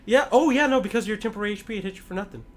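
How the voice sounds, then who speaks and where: A man runs a tabletop game as game master, and his voice sits high. He keeps the rules talk easygoing and leans into dramatic narration when the fighting starts. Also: racing, a bit bright. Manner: easygoing, casual rulings mixed with dramatic narration.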